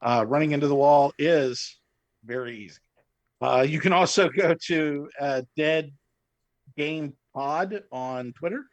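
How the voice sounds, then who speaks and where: Male podcast guest, slightly high voice, wisecracking, dry close-mic sound. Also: no room sound, lo-fi sound. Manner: joking, quick asides. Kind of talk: casual chat.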